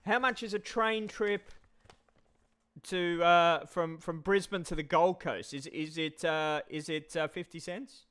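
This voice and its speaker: Aussie guy on a live stream, kinda high voice, smooth and clear, rambling at his chat. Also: fairly even intonation, measured pace, a bit bright. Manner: rambling, repeats himself, talks straight to chat.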